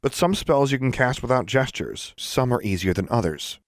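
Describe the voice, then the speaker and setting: A man's voice: medium pitch, animated, moderate pace, no room sound, clean studio sound, pitched above the performer's own voice, natural voice. A man voicing a confident teenage witch girl who explains magic matter-of-factly. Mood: explaining. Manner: patient, matter-of-fact explaining.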